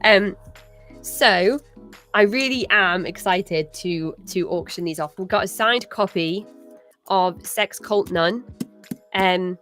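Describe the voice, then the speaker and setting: British lady running a charity stream, lots of ums, soft music in the back. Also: medium pitch, takes it slowly. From Britain. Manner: chatty, many fillers and restarts. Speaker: stream host. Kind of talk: casual live-stream chat.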